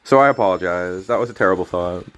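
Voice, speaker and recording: A man's voice: deep voice, fast talker, a bit bright, smooth, dull audio. A man casually commentating his own card game stream, rambling and joking, often cutting himself off and apologizing. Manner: rambling, jokey, self-interrupting, apologetic. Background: faint game music.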